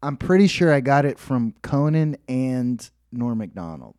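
A man's voice: medium pitch, sing-song, a little slow, darkish tone, no room sound, clean studio sound. A man co-hosting a podcast, telling rambling stories in casual chat, laughing at himself and acting out quotes. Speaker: podcast co-host.

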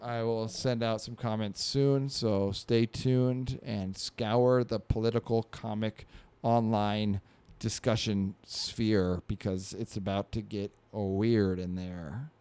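A man's voice: lowish voice, steady tone, slow, a little mellow, clean tone. A man co-hosting a podcast, describing comic panels aloud in a casual, playful chat. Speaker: podcast co-host.

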